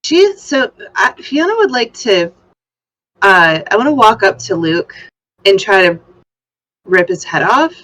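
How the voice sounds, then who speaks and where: A woman's voice: mid-range voice, very animated, measured pace, pauses often, sharp tone, low-quality recording. A woman playing a tabletop game, casual and blunt, laughing and swearing freely. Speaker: player.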